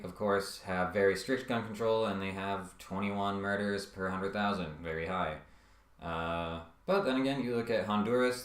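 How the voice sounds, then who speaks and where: A man's voice: on the low side, roomy sound. A man giving casual commentary on a video essay, with frequent ums and uhs and wry asides.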